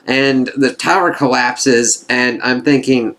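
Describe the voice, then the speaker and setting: A man reviewing a TV series in a loose, unscripted ramble. His voice sits a little low, and he swears freely, piling on asides and working himself up into excitable bursts. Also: normal speed. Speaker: TV show reviewer. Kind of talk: casual spoken review.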